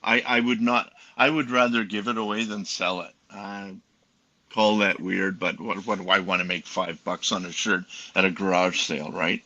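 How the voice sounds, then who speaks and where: A man from North America chatting casually in a group conversation, chatty and quick to agree. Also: low-pitched, level tone, bright, forceful tone, lo-fi sound.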